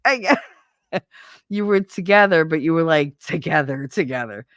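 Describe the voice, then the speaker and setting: A woman with a New Jersey accent hosting a casual livestream, chatting and reading viewer comments in a chatty, profane, animated way. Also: lowish voice, moderate pace, clean tone, no room sound, clean studio sound. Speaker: livestream host. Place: at home, smoking.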